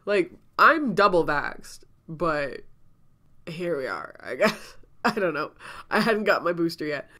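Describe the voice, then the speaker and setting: Sick woman telling a story time on her vlog, breathless, rambly, keeps laughing and coughing. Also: deep voice. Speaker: vlogger.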